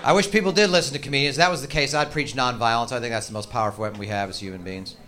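A man's voice: medium pitch, racing, sharp tone. A man performing stand-up comedy with profane, mock-angry rants. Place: comedy stage. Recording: noisy live stage recording.

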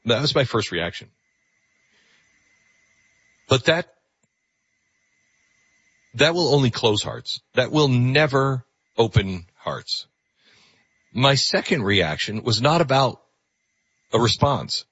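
A man's voice: medium pitch, slow pace, pauses often, breathy edge, no echo. A man hosting a call-in radio show, talking earnestly with frequent restarts. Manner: earnest, animated, with repeated restarts. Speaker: radio talk show host. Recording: slightly muffled radio studio audio.

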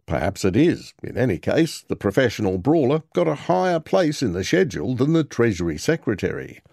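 A man's voice: medium pitch, darkish tone, no room sound, clean studio sound. A man narrating a scripted news report as a reporter, with wry, sardonic commentary.

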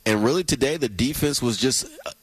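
A man's voice: mid-range voice, a little fast, slightly rough, no room sound. A man co-hosting a casual sports talk show, upbeat and emphatic, often laughing as he makes his points. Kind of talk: casual sports commentary chat.

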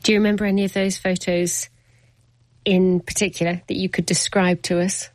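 A woman presenting a radio documentary, narrating from a script and asking questions in a measured way. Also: lowish voice, flat delivery, no room sound.

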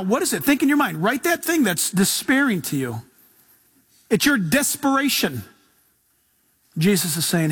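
A man preaching a sermon with a fairly high voice. He talks casually and with excitement, and he often wanders off into chatty asides and slang. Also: normal speed, pauses often, husky. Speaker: pastor.

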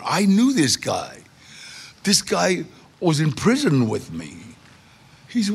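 A man in middle age telling a personal story in a casual, animated way, acting out the voices of people he quotes. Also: fairly high pitch, slow, vocal fry, pauses often, breathy edge. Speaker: guest storyteller.

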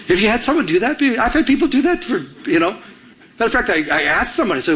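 Middle-aged guy from michigan preaching, kinda high voice, acts out his own lines. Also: quick pace. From Michigan, USA. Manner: animated storytelling, acting out his own past jealousy. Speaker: pastor. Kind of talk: sermon with personal story.

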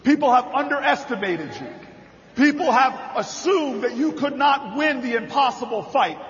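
A middle-aged man, a senator, giving a rousing convention speech, repeating phrases and building to shouted climaxes. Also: very high-pitched, a little hiss or hum. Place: large convention hall, indoors. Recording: dull, reverberant hall sound.

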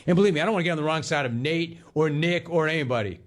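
A man hosting a sports talk radio show, talking in a conversational, emphatic way with quick bursts and repeated words. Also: on the high side.

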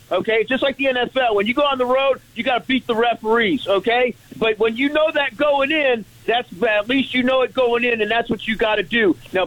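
A man's voice: very high voice, a bit bright, pitched above the performer's own voice, rough recording. A man putting on a blustering English pundit. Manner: emphatic, stammering repeats, keeps saying okay. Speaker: sports talk host doing a put-on English accent.

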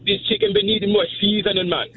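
A man's voice: high-pitched, huge pitch swings, quick pace, gravelly, phone-quality sound, noisy background, pitched above the performer's own voice, exaggerated voice. A man putting on a playful Jamaican accent to play a cooking show chef. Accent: put-on Jamaican. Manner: playful, hammy.

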